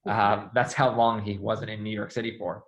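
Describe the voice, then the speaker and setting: A man being interviewed, telling stories in a chatty, animated way with lots of "like". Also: fairly low pitch, moderate pace. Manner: chatty, animated, heavy use of "like". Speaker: interview guest, former assistant. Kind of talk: casual storytelling interview.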